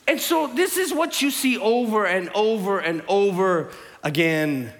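A Southern man from Tennessee preaches with a high, bright, ringing voice. He tells the story in an animated way, full of playful asides. A long reverb from a large hall trails his words. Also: unhurried. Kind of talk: lively sermon.

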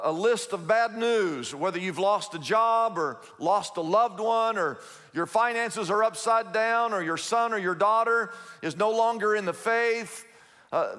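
A man preaching a sermon as pastor, emphatic and repetitive, who slows down to stress key phrases. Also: high-pitched, fairly bright tone, long reverb tail.

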